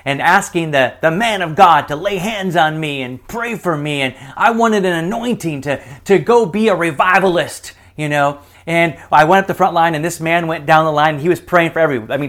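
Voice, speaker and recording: Male pastor, middle-aged, sermon storytelling, slightly high-pitched voice, shifts from lively to hushed.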